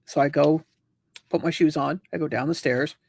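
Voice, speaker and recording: A man chats casually on a home livestream, spinning long anecdotes and acting out each person in them. His voice has a gravelly fry. The sound is dry and close, with no room echo. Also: on the high side, steady tone, normal speed. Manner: rambling storyteller, acts out quoted voices. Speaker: livestream host. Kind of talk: casual chat.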